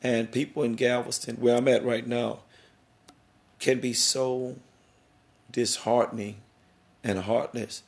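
Gravelly, preachy middle-aged man. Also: medium pitch, level tone, slow, pauses often. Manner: emphatic, preachy and rambling. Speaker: podcast host. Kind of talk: emotional podcast interview.

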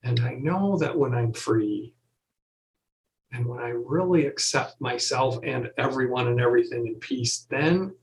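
Middle-aged guy thinking out loud in an interview, stops and restarts a lot, medium pitch. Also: slight background noise, low-quality recording. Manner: halting, searching, many restarts. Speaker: guest. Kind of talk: reflective interview talk.

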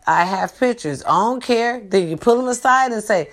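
A woman's voice: fairly high pitch, animated, normal speed. A young woman hosting a loose, casual night talk for her viewers, teasing and streetwise in her delivery.

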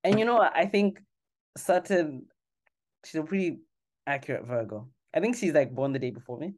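Woman with a very low, deep voice. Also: lively intonation, moderate pace, darkish tone. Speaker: podcast co-host. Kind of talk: casual chat.

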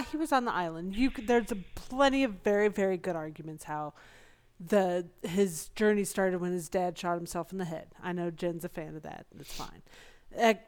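Earnest woman making a case. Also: mid-range voice. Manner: earnest and analytical, self-aware about being petty. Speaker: podcast co-host. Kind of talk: casual chat, fan analysis.

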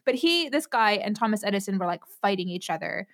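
An American woman co-hosting a podcast, easygoing and quick to laugh, with dry jokes. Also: medium pitch, expressive, a bit bright. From United States. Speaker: podcast co-host. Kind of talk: casual chat.

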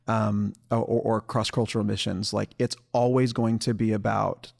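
Low gravelly guy on a podcast, lots of ums, talks in circles. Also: level tone, moderate pace, a little mellow. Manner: rambling, many ums and restarts. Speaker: podcast co-host. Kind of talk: casual podcast chat.

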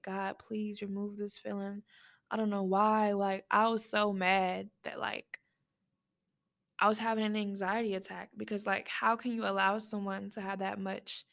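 Gravelly-voiced woman rambling to listeners. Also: medium pitch, fairly bright tone. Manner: rambling, many fillers, speaks straight to listeners. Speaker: podcast host. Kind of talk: casual personal talk.

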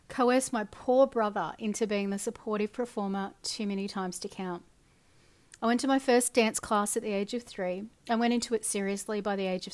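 A woman, a dance facilitator, narrating a personal story in a soft, earnest way that drops quiet at the ends of phrases. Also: medium pitch.

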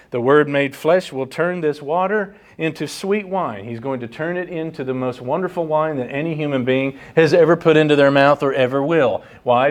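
Male pastor, sermon delivery, earnest teaching tone with rhetorical questions. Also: medium pitch. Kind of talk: expository sermon.

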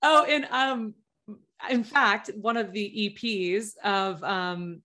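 A woman's voice: medium pitch, animated, takes it slowly, bright, forceful tone. Southern US woman, podcast host, conversational and giggly. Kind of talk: casual interview chat.

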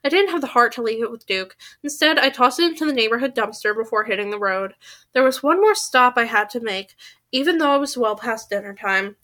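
A woman's voice: fairly high pitch, expressive, brisk, pushed and bright. A woman reading a novel aloud expressively, with small stumbles and restarts. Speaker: reader.

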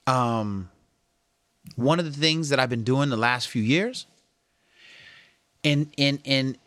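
This fitness and health vlogger speaks slowly in a medium-pitched voice, giving viewers casual, earnest encouragement about health in slangy terms. He becomes animated when quoting other people, and there is no echo.

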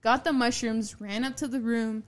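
A woman's voice: a little high, steady tone, moderate pace. A young woman in her twenties, a podcast guest, telling a story in casual, crude talk, swearing freely and acting out what people said. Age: 20s. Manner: crude, swearing, acts out quotes.

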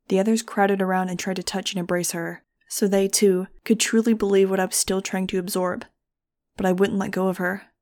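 A woman narrating a novel in the first person with a steady, earnest reading. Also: mid-range voice, a little fast. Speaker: audiobook reader.

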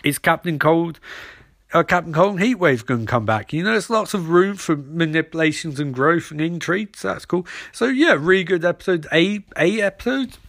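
A man's voice: fairly high pitch, expressive, normal speed, vocal fry, a bit bright. A man reviewing a TV episode in a casual vlog. He rambles, repeats himself and fills his talk with "like" and "um". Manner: rambling, filler-heavy, repetitive.

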